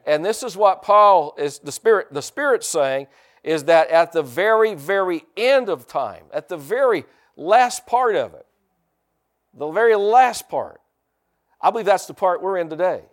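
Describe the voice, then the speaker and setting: A man preaching a sermon as pastor. He uses emphatic call-and-response, repeats phrases and slows down to stress key words. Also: high-pitched, expressive. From United States.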